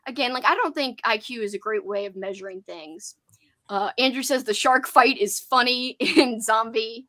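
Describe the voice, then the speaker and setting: A young woman hosts a casual live book chat in a bright, slightly high voice. She talks in quick, giggly runs and reads out viewer comments as she goes. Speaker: host of a horror book channel.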